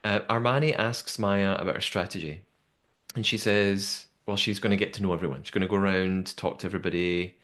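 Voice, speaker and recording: A young man hosting a podcast, chatting casually and telling the story in a lively way with lots of fillers. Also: on the low side, moderate pace. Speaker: podcast host. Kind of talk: casual recap chat.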